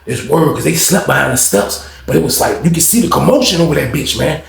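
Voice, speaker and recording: Gravelly man telling a story in a roomy space. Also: a little high, fast talker. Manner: animated, slangy, acts out quoted voices. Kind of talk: casual storytelling. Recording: roomy echo.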